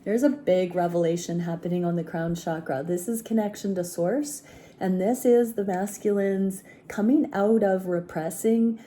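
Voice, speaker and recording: A woman, hoarse and gruff from a sore throat, leads a slow, searching spiritual tarot reading. Her voice is low-pitched and mellow. Faint clicks sit under the recording. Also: slight background noise. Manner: calm, searching, prayerful. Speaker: tarot reader.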